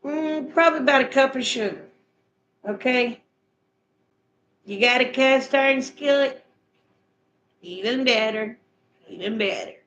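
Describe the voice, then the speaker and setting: Chatty woman, higher voice. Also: a bit bright, slight background noise, rough recording. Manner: homespun, chatty, repeats her instructions. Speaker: vlogger chatting with viewers. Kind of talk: casual chat, recipe instructions.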